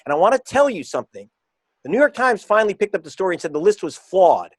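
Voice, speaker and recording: Emphatic man with a slightly high voice. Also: very animated, husky, dry recording. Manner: emphatic, combative, slows down to stress points. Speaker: author and investigative reporter. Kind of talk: interview guest.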